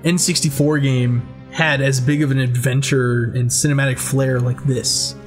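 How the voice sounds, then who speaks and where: A man's voice: mid-range voice, flat delivery, moderate pace. A young man giving casual, joking let's play commentary and swearing freely. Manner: joking, swears freely, reads game text aloud. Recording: faint game music behind.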